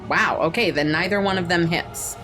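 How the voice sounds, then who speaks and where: A woman's voice: on the low side, over music. A woman acting as dungeon master who narrates a tabletop horror game and drags out the grim details. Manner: slows down for grim descriptions.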